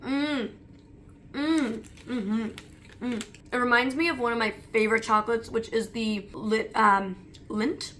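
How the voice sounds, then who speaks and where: A woman's voice: a little high, steady tone, a little slow, fairly bright tone, a little hiss or hum. A young adult woman vlogger chatting casually while taste-testing snacks, talking in a loose, rambling way full of "like". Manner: chatty, leans on "like" as filler.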